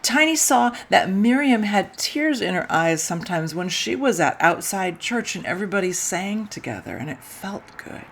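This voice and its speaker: A woman minister gently telling a children's story during a church service, soft-spoken and sometimes dropping to a hush. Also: medium pitch, animated, moderate pace, vocal fry, few pauses, a little hiss or hum. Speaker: intern minister.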